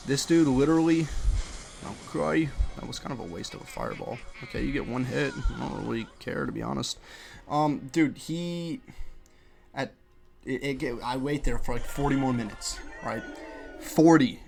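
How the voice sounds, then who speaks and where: A young man ranting at home about his restaurant job while playing a game, animated, profane and full of slang. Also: medium pitch, normal speed, vocal fry, soft background music. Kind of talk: casual rant over gameplay.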